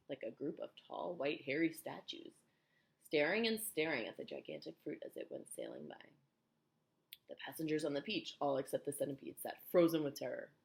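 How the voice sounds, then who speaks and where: A woman reading a children's book aloud, telling it in an expressive, animated way. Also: sits low, creaky. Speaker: storyteller.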